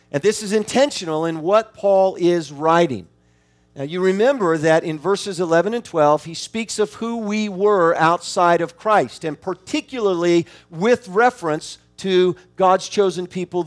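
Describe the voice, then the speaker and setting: A man's voice: sits high, expressive, a little slow. A man preaching an expository sermon, reading scripture between points and building to emphatic exhortation. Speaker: pastor.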